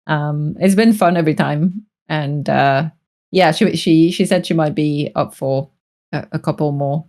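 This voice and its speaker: A woman's voice: low-pitched, a little slow, darkish tone. A woman chatting as a guest on a gaming podcast, hesitant with many fillers, laughing often. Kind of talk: casual podcast chat.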